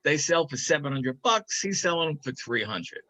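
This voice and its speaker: An older man telling a comic prank story on a talk show in a casual, animated way, acting out the other voices in it. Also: fairly high pitch, normal speed, rough recording.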